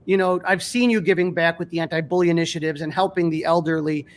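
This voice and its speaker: A man hosting a podcast interview, speaking in a halting way full of fillers and admiring the guest. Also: on the high side, steady tone, slight background noise. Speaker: podcast host.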